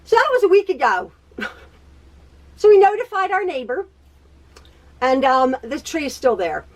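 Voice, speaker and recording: High-voiced chatty woman in her sewing room. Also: big pitch swings, moderate pace. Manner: rambling, laughs often, repeats and stutters. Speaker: quilting tutorial host. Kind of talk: chatty personal catch-up.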